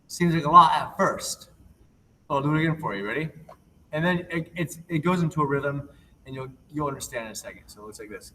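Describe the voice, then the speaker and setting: A man's voice: medium pitch, expressive, quick pace. A young man teaching a remote PE lesson to young children, upbeat and reassuring as he counts out a rhythm game. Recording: distant laptop mic with faint noise.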